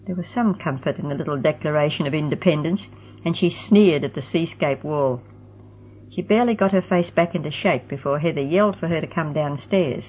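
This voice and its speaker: A woman's voice: sits low, brisk, a little hiss or hum. Woman reading a storybook, phone-like sound. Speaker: audiobook narrator.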